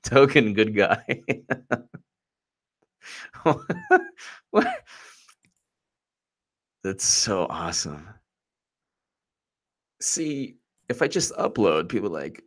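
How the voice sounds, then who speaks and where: A man's voice: on the low side, wildly swooping pitch, drawn-out words, long pauses. A man hosting a live-streamed political commentary show, rambling and mocking as he laughs often.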